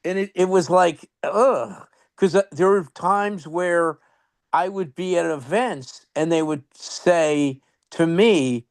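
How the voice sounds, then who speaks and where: An older man, a show host, telling stories in a rambling, animated way with lots of restarts. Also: on the high side, slow pace, no echo, clean studio sound. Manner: storytelling about the past. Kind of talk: casual political chat.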